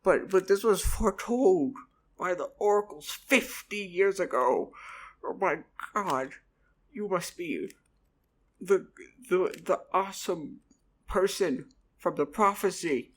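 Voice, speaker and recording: A man's voice: high-pitched, animated, slow, pitched above the performer's own voice, exaggerated voice. A man voicing a fretful old male goblin blacksmith who is dramatic and flustered, stammering through an improvised comic story. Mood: excited.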